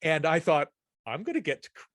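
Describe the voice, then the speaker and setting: A man's voice: a little high, very animated, fairly quick, fairly bright tone, dry recording. A middle-aged man hosting a casual chat, telling a rambling, anecdotal story full of restarts. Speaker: host.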